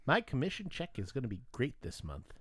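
Man, casual chat, bright and very lively voice, acts out every exchange, swears freely. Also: medium pitch, a little fast, breathy edge, no room sound. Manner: animated, profane storytelling with voiced retellings. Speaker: storyteller.

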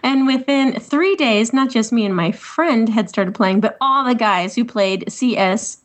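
A woman's voice: on the high side, a little slow. A woman co-hosting a podcast, reading a listener's email aloud in a casual, giggly way with frequent laughs. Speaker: podcast co-host.

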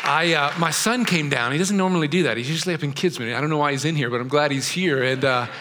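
This middle-aged pastor talks fast, his voice a little high, bright and forceful, over slight background noise. Preaching in a theater converted to a church, he stays conversational and engages the crowd with questions.

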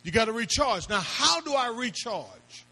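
A man preaching a sermon as pastor, firing off rhetorical questions and rising into shouted appeals. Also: very high voice, very animated, normal speed, low-quality recording.

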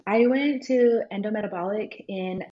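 A woman guest on a podcast, telling her story in a lively way and acting out what she and others said, with "like" at every turn. Her voice sits at a middling pitch. The recording sounds a little dull and lo-fi. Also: normal speed, slight background noise. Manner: animated, acts out her own and others' lines in quotes, many fillers of "like". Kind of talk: casual storytelling chat.

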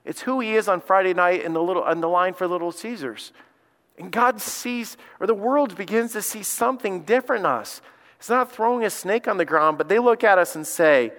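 Delivering a sermon as lead pastor, a man from Alabama speaks briskly in a high voice. His storytelling is folksy and his voice lifts when he's excited; the recording has long hall reverb.

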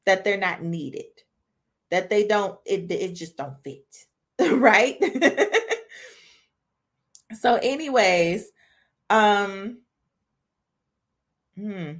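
A woman with a slightly high voice gives an earnest devotional talk in a relaxed, conversational way. She speaks straight to women listeners and keeps checking in with "right?" as she goes. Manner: conversational, with frequent "right?" and "you know?" tags. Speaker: podcast host. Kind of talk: casual devotional teaching.

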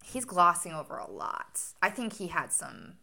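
Bright gravelly-voiced young woman chatting. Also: lowish voice, moderate pace. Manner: chatty, animated, many likes and restarts. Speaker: podcast co-host. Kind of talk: casual book discussion chat.

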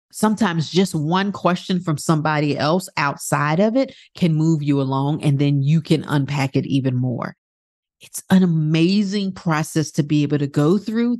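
A woman's voice: lowish voice, a little mellow, no echo, clean studio sound. A woman hosting a self-help podcast, talking candidly and swearing freely as she acts out inner thoughts. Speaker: podcast host and coach. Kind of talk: casual motivational monologue.

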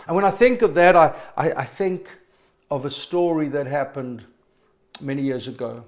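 A man's voice: a little high, moderate pace. A middle-aged man preaching a sermon, telling stories with emphatic stammered restarts. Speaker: pastor.

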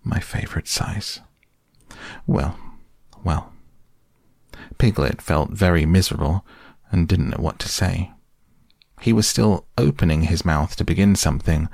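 A man narrates a storybook in a slow, measured way. His very deep voice has a gravelly, husky edge, recorded close and dry. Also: darkish tone, dry recording. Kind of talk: storybook reading aloud.

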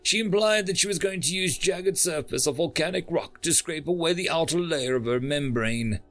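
Formal, literal alien woman, read by a man, pitched high, earnest and precise. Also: normal speed, a bit bright, soft background music, close to an everyday voice. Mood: unsettled. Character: formal, precise female alien crew member.

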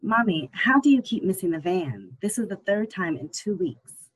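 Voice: medium pitch, animated, brisk, fairly bright tone, slightly rough, no room sound, low-quality recording. An audiobook narrator voicing an exasperated young adult daughter who strains to stay patient.

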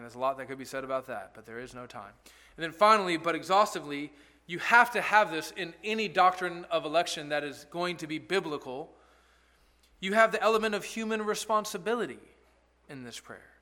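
A man's voice: on the high side, bright, forceful tone. A male pastor giving an expository sermon in an earnest, conversational way, asking rhetorical questions.

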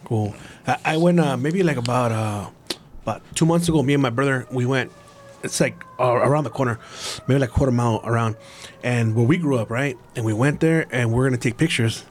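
A man's voice: medium pitch, a little hiss or hum. A middle-aged man from East Los Angeles, a podcast guest who tells stories in a rush, full of likes and restarts. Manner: rapid storytelling with many likes and restarts. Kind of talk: casual podcast conversation.

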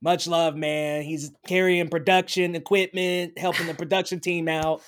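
A man's voice: on the high side, little pitch movement, normal speed, fairly bright tone. A man co-hosting a casual film review chat, talking enthusiastically and emphatically. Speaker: podcast co-host.

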